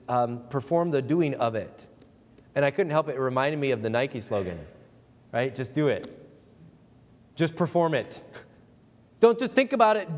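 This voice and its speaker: A man preaching a sermon as pastor, talking in an emphatic, conversational way and acting out quotes in little voices. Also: sits high. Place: church sanctuary. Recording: reverberant church sanctuary.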